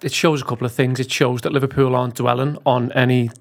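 A male podcast guest talking football, with a gravelly, fry-heavy voice at a middle pitch. He speaks in a measured, thoughtful way, pausing on the odd filler as he builds his point. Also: flat delivery. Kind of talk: casual football podcast chat.

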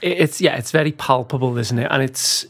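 A male podcast guest talking football, with a gravelly, fry-heavy voice at a middle pitch. He speaks in a measured, thoughtful way, pausing on the odd filler as he builds his point. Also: a bit bright. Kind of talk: casual football podcast chat.

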